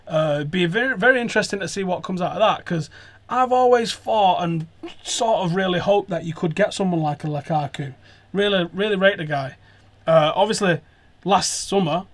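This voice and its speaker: A man hosting a football podcast, telling sweary, animated stories in casual chat from a sofa. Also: high voice. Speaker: podcast host. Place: sofa indoors.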